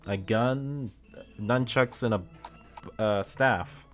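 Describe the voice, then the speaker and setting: Guy reading a fan story out loud, keeps laughing and tripping on words, faint music. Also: medium pitch, drawn-out words. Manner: laughs often, stumbles and corrects himself. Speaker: story reader.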